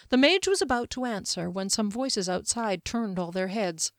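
A woman author reading her own fantasy novel aloud in a steady, clear storytelling voice. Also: medium pitch, moderate pace, hardly any pauses, no room sound, studio quality. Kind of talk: audiobook fantasy narration.

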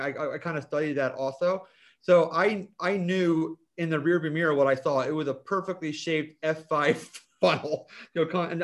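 A man guest on a podcast, a chemist and author, telling animated anecdotes with frequent restarts. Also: a little high. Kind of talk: interview storytelling.

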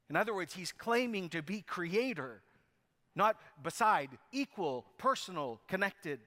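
Emphatic preacher in a reverberant hall. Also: male voice, high voice, animated, unhurried, bright, forceful tone. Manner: emphatic, storytelling preacher with restarts. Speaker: pastor. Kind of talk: sermon.

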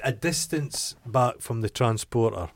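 A man's voice: medium pitch, lively intonation, a little slow, creaky, music in the background. A Scottish man co-hosting a podcast, chatting about a film in a wry, rambling and crude way. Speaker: podcast co-host. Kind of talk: casual film review chat.

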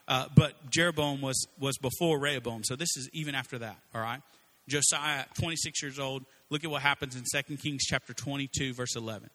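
A man's voice: mid-range voice, brisk. A man preaching a sermon in a casual, conversational way, acting out quotes as he tells stories. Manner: conversational, animated storytelling with acted-out quotes.

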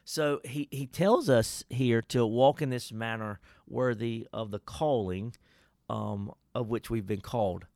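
A man's voice: medium pitch, measured pace, a little mellow, dry recording, clean studio sound. A man, a pastor co-hosting a casual Bible-study chat, emphatic and folksy with preacherly asides.

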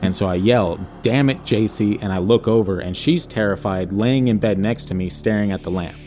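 Guy with a really deep voice rambling thru a story, lots of ums and likes, faint music behind. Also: brisk, a little mellow. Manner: rambling, hedging with many fillers. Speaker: podcast co-host. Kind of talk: casual storytelling chat.

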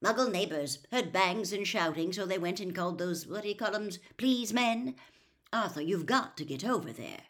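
An anxious middle-aged wizard official, put on by a woman storyteller talks in an urgent, hurried rush. The voice rises a little above her usual tone and comes out louder. It suits a storybook reading. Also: mid-range voice, lively intonation, close to an everyday voice.

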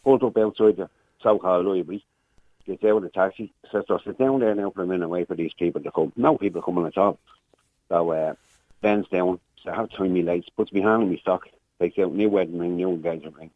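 A man's voice: low voice, fast, no room sound. An Irish man in his sixties calling a radio show, rambling through a long story and acting out the voices of the people in it. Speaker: caller. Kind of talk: phone-in storytelling. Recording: muffled phone line.

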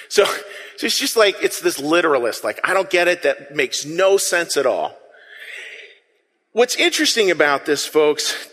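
Animated high-voiced man preaching in a hall. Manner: conversational, asks the congregation to respond. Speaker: pastor. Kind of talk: sermon. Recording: long reverb of a large room.

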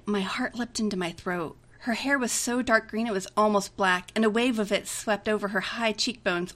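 Bright-voiced woman reading a story. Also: medium pitch. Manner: chatty, giggly narration. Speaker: story reader. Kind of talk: reading a romantic comedy story aloud.

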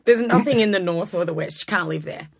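A woman's voice: lowish voice, quick pace, vocal fry, dry recording, studio quality. An Australian woman, a musician, chatting casually, laughing often and swearing freely. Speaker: musician guest. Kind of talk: casual chat.

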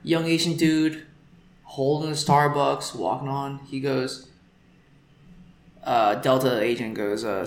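A man's voice: medium pitch, unhurried, long pauses, echoey room. A man co-hosting a podcast, telling a story in casual chat and acting out the people in it. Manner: animated, acts out quoted people.

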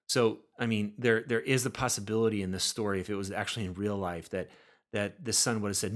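An earnest male preacher with a slightly low voice delivers a sermon. He often repeats words and restarts his sentences as he works toward each point. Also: steady tone, brisk. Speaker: pastor.

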